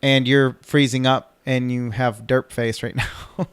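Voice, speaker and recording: A man's voice: medium pitch, flat delivery, unhurried, clean tone, no room sound. A man in his thirties co-hosting a casual podcast from home, rambling and cutting himself off, cursing when flustered. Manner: rambling, self-interrupting, swears when flustered. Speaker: podcast co-host.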